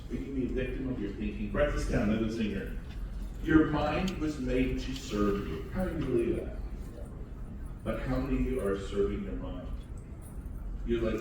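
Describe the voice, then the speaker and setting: Energetic man speaking in an echoey hall. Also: medium pitch, background noise. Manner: energetic, acts out other people in loud mocking voices. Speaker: real estate speaker. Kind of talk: motivational talk to an audience. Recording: echoey room heard from a distance.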